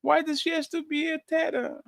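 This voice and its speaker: A man hosting a live stream, loudly reading out and reacting to chat messages. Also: very high-pitched, a little fast, vocal fry, no echo. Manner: loud, animated, shouts out chatters. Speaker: livestream host.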